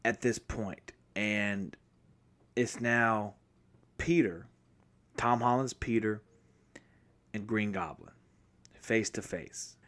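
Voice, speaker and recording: A man's voice: fairly low pitch, slow pace, long pauses. Rambling male podcast host recapping. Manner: rambling, often restarts and corrects himself; speaks from memory, apologetic and excitable. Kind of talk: casual spoken movie recap.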